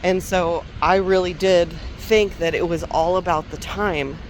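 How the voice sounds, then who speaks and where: A woman with a fairly low voice tells a personal story slowly and candidly, pausing to reflect and laughing softly now and then. Faint outdoor traffic hums behind her. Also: fairly even intonation. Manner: reflective and unhurried, with soft laughs and restarts. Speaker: parenting coach.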